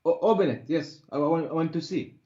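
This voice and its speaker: Stammering fast man on an echoey, muffled call. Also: fairly high pitch, warm tone. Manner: hesitant, stammering, many restarts. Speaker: caller in a debate. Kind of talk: live debate over a call.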